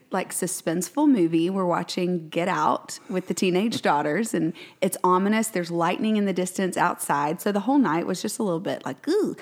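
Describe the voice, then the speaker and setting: A woman, co-hosting a casual podcast and telling lively stories with easy laughter. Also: lowish voice. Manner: animated storyteller, laughs easily. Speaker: podcast co-host. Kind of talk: casual chat.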